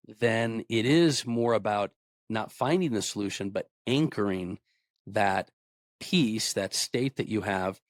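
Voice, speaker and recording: A man's voice: fairly low pitch, no echo, studio quality. A man hosting a podcast interview, enthusiastic and recapping his guest's points for the listeners. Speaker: podcast host.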